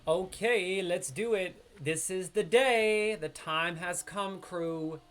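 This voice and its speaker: Chatty New York streamer. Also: male voice, high-pitched, slow pace, a bit bright. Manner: chatty, talks straight to his viewers. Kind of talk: live gameplay commentary.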